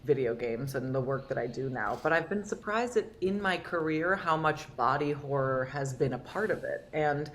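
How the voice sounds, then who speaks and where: A woman's voice: low-pitched, moderate pace, hardly any pauses, a little hiss or hum. A woman actor talking as a podcast guest, candid and rambling with lots of filler words. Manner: candid, rambling, heavy use of "like". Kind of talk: casual interview chat.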